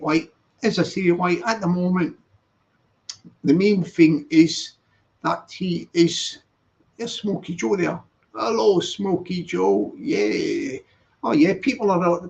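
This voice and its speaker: Rambling man with a gravelly, high voice. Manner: rambling, self-correcting, stops to read the chat aloud. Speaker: channel host. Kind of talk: casual live-stream chat. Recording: dull lo-fi sound.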